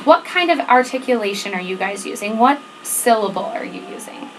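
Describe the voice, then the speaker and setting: A woman's voice: medium pitch, expressive, a little fast, fairly bright tone, a little hiss or hum, rough recording. A woman band teacher leading a rehearsal, giving directions, counting off the tempo and checking in often. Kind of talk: rehearsal instruction. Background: student band playing.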